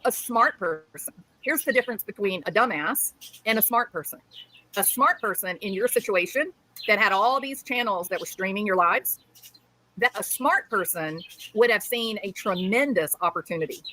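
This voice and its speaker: A woman's voice: fairly high pitch, pushed and bright, rough recording. A woman live streaming, ranting angrily and sarcastically at someone she criticizes. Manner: scolding, sarcastic. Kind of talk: angry ranting commentary.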